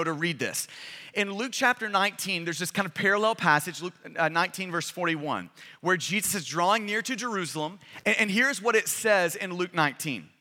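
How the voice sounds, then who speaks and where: Emphatic preacher with a high, bright voice. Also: male voice. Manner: emphatic, dramatic scripture reading. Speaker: pastor. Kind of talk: sermon. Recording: long hall reverb.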